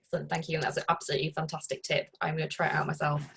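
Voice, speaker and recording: A woman moderates a webinar over a video call, reading out questions briskly and thanking the speaker. Her voice is slightly husky and sits a little low. She sounds relaxed throughout. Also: low-quality recording.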